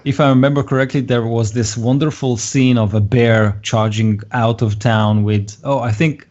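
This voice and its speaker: A man's voice: mid-range voice, fairly even intonation, moderate pace, darkish tone. A man narrating as game master of a tabletop game, hesitant with many fillers and frequent laughs. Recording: dull lo-fi audio.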